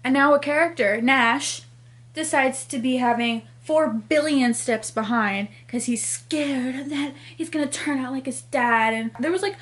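Woman book vlogger, higher-pitched voice, casual exasperated rant. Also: a bit bright. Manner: exasperated ranting, fast with many fillers. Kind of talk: casual reading vlog.

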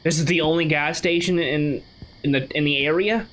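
A man's voice: a little high, fairly even intonation, normal speed, a bit bright. A man from the United States giving chatty, casual commentary while playing a game, thinking aloud with many restarts. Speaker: gaming channel host. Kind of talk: casual let's-play commentary.

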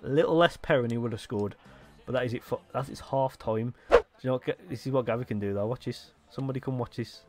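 A young man excitedly commentating his own football video game, swearing and shouting at his players. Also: medium pitch, fast talker, faint music behind. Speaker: gaming YouTuber.

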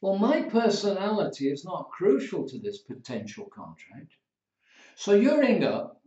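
A man's voice: high-pitched, a little slow. Man lecturing in a roomy space. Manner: playful, animated storytelling with acted examples. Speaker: law tutor. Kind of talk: recorded lecture. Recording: roomy, dull lo-fi lecture recording.

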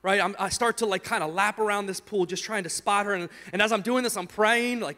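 A young man preaching a sermon, telling a personal story in an animated way and acting out his own shouts. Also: high-pitched, quick pace, few pauses. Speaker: pastor. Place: church sanctuary. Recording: church hall reverb.

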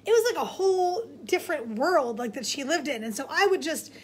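A young woman teaching a kids' Bible lesson in a bubbly, casual, excitable way. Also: high voice, fairly quick, slight background noise. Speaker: children's ministry teacher.

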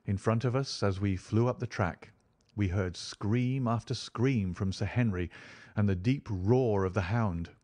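A man narrates an audiobook in a steady, dramatic style. His voice sits low. He gives each scene careful weight without rushing. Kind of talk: scripted narration.

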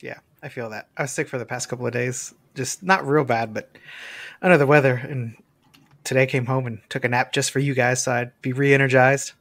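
A man's voice: mid-range voice, steady tone, a little fast, fairly bright tone. A man playing in a tabletop game, chatting casually and teasing the others with playful questions. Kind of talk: casual chat.

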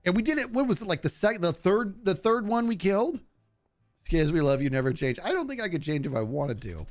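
Over soft background music, a high-pitched male gaming streamer talks a little fast while live-streaming a game. He chats in an animated, jokey way and mocks the enemies as he plays.

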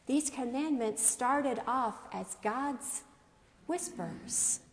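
A woman pastor preaches a sermon in a measured, deliberate way, often asking rhetorical questions. Her voice sits a little high and moves unhurriedly. The sound carries a long reverb from an echoey church.

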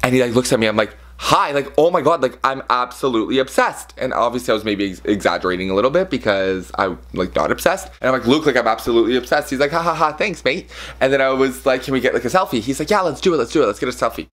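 A man vlogging a casual story, gossipy and animated, acting out what people said and peppering his talk with "like". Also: mid-range voice, fast. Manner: animated, gossipy, acts out quotes with filler "like".

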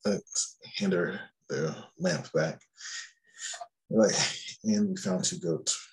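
Very low, gravelly male player. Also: takes it slowly, darkish tone, rough recording. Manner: hesitant, lots of uh and like. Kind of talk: casual tabletop play.

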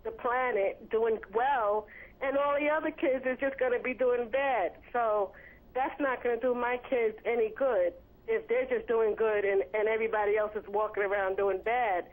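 A woman's voice: on the high side, fairly even intonation, moderate pace. Woman caller, phone line, rambling, repetitive, lots of fillers. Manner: rambling, repeats herself with many fillers. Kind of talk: call-in radio talk.

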